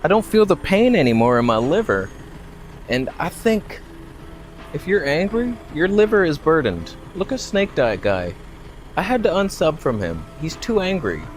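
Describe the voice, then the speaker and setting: A man's voice: a little high, big pitch swings, normal speed, slight background noise. A man talking to camera outdoors about health in a casual, joking vlog, with self-mocking asides. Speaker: vlogger. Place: outdoors, walking by a road.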